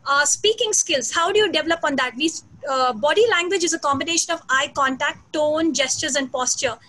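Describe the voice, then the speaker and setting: Bright high-voiced woman lecturing online. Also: poor audio. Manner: fast, energetic, emphatic delivery. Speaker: guest lecturer. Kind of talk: online teacher training talk. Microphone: video call.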